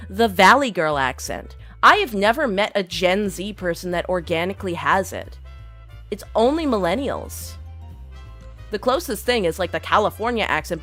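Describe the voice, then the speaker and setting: Bright-voiced woman ranting on stream. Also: mid-range voice. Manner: opinionated, rambling rant. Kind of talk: casual live-stream chat.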